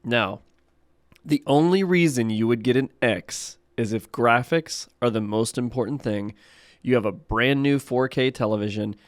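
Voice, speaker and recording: A man co-hosting a podcast, casually explaining buying advice with quick asides. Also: medium pitch, dry recording, clean studio sound. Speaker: podcast co-host. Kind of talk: casual chat.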